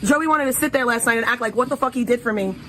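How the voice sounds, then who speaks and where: Brash livestream host from New York City, a woman who gets loud and profane, with light noise behind her. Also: on the high side, fast. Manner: loud, profane, animated, yells when flaming people. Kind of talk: heated livestream argument.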